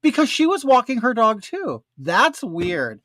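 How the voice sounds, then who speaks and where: An older man talking straight to his viewers, his pitch swinging up and down as he rants through a profane story. His voice sits close and dry, with no room sound around it. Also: unhurried, no room sound. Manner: animated, profane, ranting. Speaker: storyteller addressing his audience. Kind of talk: casual storytelling.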